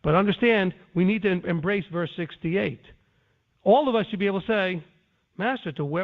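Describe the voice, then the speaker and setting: A man with a high voice lectures on scripture, earnest and a little defensive, often stopping to restart his sentences. The sound is thin and tinny, as if it came over a phone line. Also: normal speed. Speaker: Bible teacher. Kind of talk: conference-call teaching.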